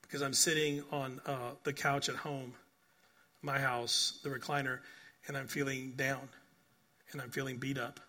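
In a sermon given at normal speed, an older pastor speaks with a medium pitch and flat delivery. He tells stories earnestly, repeats himself, and keeps asking "right?", climbing to emphatic bursts before going soft and quiet.

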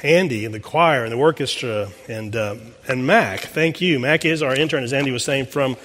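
Joking Texan pastor in a reverberant church. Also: male voice, medium pitch, moderate pace, a bit bright. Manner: folksy and joking, reading children's letters aloud. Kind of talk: sermon. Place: large church sanctuary.

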